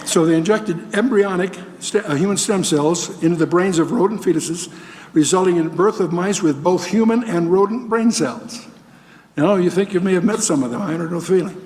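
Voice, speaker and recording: A man's voice: high voice, moderate pace, a little mellow, long reverb tail. An older man giving a Bible lecture to a live audience, folksy, asking the room questions and dropping dry asides. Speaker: Bible teacher.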